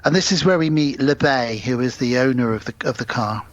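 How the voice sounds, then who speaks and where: A man's voice: medium pitch, brisk, no echo. A man co-hosting a podcast, casually retelling a film plot with sweary asides and acted-out quotes. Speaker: podcast co-host. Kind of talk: casual film recap chat. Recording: dull lo-fi podcast audio.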